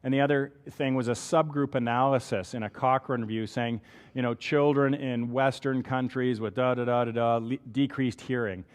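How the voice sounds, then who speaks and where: A man's voice: mid-range voice, fairly even intonation, moderate pace, clean tone. A man with a Canadian accent giving a conversational medical lecture, often checking in with "right?". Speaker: physician lecturer. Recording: long hall reverb.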